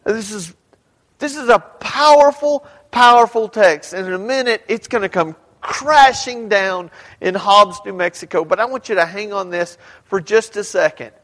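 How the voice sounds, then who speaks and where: A male pastor preaching a sermon, talking conversationally, firing rhetorical questions at the congregation and rising at times to a shout. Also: high-pitched, moderate pace. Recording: reverberant hall.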